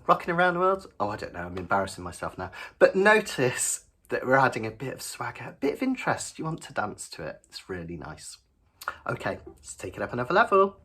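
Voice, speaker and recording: A man's voice: mid-range voice, fairly bright tone, slightly rough. Chatty man teaching ukulele. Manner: chatty and encouraging, counts beats aloud while strumming. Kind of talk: friendly instructional lesson. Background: his own ukulele playing.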